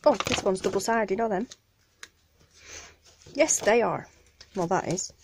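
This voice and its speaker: A woman's voice: medium pitch, expressive, a little slow, vocal fry, background noise. Chatty Northern English woman unboxing crafts. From Northern England. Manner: gushing, chatty, apologetic asides. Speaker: craft channel host. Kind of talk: casual unboxing vlog. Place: home craft room, indoors. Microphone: camera on a tripod.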